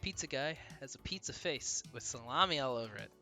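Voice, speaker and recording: A young man talks his way through a video game in loose, profane commentary full of "like" and laughter. His voice is very bright and forward, at a middle pitch, with faint game music underneath. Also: animated, a little fast. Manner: rambling, profane, laughs easily. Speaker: gameplay commentator. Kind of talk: casual let's-play commentary.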